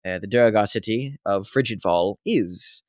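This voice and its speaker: A man's voice: fairly low pitch, unhurried, darkish tone, no echo, voice pushed down, close to an everyday voice. A man putting on a rambling British slave-owner. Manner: rambling, fussy and formal. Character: rambling male former slave turned wealthy slave-owner. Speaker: non-player character. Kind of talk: tabletop role-play voicing.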